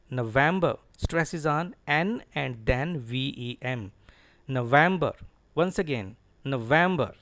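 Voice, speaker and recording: A middle-aged man teaching an English pronunciation lesson, slowly drilling words with his students through repetition. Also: a little high, creaky, no echo.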